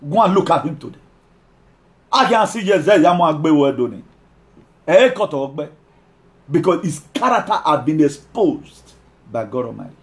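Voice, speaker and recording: A man preaching a sermon, emphatic, repeating key lines and slowing down to read scripture. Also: a little high, very animated.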